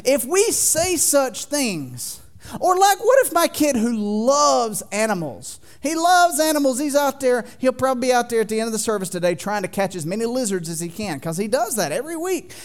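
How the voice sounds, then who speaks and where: A man in his thirties preaching a sermon in a church, folksy and joking with the congregation, swinging from loud to quiet. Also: extremely high pitch, very animated, normal speed. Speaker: pastor. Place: church sanctuary.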